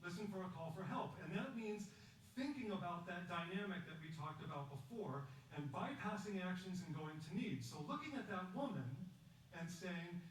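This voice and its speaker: A man giving a prepared public talk, measured and emphatic, telling a story and asking rhetorical questions. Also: high-pitched, lively intonation. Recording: echoey distant recording with faint background noise.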